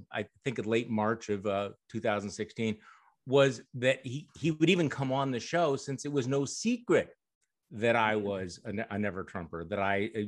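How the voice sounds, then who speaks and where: A man answering interview questions as a guest, telling stories fluently and with emphasis. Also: mid-range voice.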